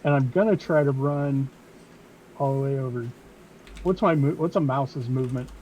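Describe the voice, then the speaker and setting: A man's voice: mid-range voice, normal speed, a little mellow. A man playing a tabletop game, asking easygoing questions about his moves. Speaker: player. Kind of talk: casual tabletop play. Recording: dull lo-fi mic with faint noise.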